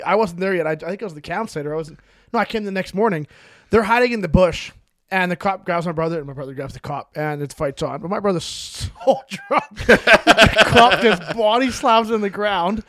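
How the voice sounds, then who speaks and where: A man's voice: high-pitched, a bit bright, dry recording, studio quality. A man co-hosting a podcast, telling rowdy stories in casual chat, laughing often as he goes. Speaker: podcast co-host.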